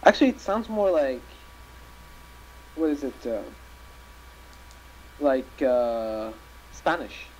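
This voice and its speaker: A man's voice: mid-range voice, very animated, slow pace, long pauses, lo-fi sound, slight background noise. A man chatting as a player in an online tabletop role-playing game, rambling and hesitant with many restarts, over a voice-chat microphone. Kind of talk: casual chat during an online live game.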